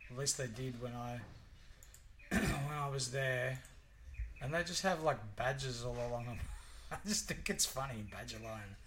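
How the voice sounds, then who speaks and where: An Australian man in his late forties co-hosting a podcast, chatting casually in a rambling, jokey, animated way. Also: mid-range voice, unhurried, a little hiss or hum, rough recording. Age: late 40s. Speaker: podcast co-host. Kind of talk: casual chat.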